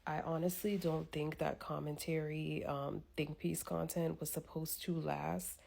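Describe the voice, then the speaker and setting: A woman's voice: low voice, level tone, measured pace, vocal fry, darkish tone, a little hiss or hum. A woman giving casual, wry commentary, with a few ums along the way. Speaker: social media commentator.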